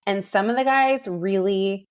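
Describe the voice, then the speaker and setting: A woman co-hosting a podcast, chatting casually and telling animated stories. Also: mid-range voice, unhurried. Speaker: podcast co-host. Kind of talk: casual chat.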